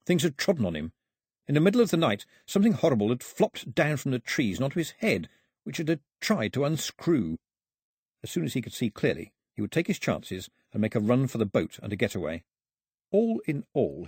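Husky male audiobook narrator, wry and lively. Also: medium pitch, brisk, dry recording, clean studio sound. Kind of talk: scripted narration.

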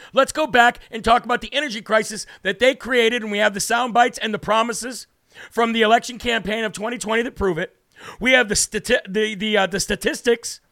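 A man's voice: very high voice, gravelly, pushed and bright, no room sound, clean studio sound. A man hosting a political talk show, delivering a heated, combative commentary monologue with an indignant, mocking tone.

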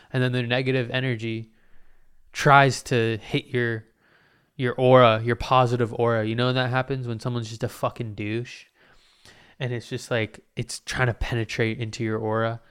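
A man's voice: mid-range voice, little pitch movement, moderate pace, fairly bright tone, clean tone. Rambling, self-mocking podcast guy. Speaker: podcast host. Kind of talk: casual solo podcast monologue.

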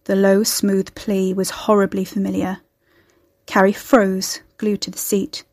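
A woman's voice: mid-range voice, measured pace, no echo. Woman narrating expressively. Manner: expressive, does all the character voices. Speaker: audiobook narrator. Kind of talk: reading her own fiction aloud.

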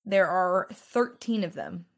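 A woman co-hosting a casual podcast, talking in a brisk, teasing way as she runs a quiz game. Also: fairly low pitch, big pitch swings. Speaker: podcast co-host. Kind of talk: casual chat.

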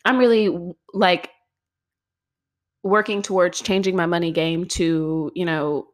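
A woman's voice: fairly low pitch, fairly even intonation, slow. A young woman hosting a podcast, talking casually in a chatty, exasperated way with lots of filler words. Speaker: podcast host. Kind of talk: casual solo podcast monologue.

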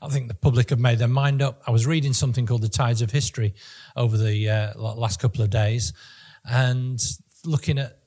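A man's voice: medium pitch, fairly even intonation, a little fast, dark tone. A man co-hosting a political podcast, talking in a casual, opinionated way and often restarting his sentences. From Northern England. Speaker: podcast co-host.

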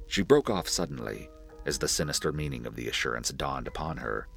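Very deep, gravelly male narrator. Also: animated, fairly quick, a bit bright. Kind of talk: scripted horror story narration. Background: faint music.

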